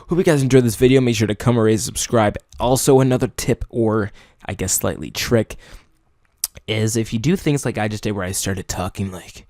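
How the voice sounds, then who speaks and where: A young man giving casual video-making tips, rambling and correcting himself, sometimes mumbling and then jumping into loud high-pitched bursts. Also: normal speed, no echo, clean studio sound. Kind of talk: casual unscripted chat.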